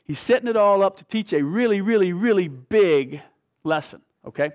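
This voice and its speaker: Animated man preaching a sermon. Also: high voice, normal speed. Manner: animated storytelling, acting out quoted voices, soft dramatic drops.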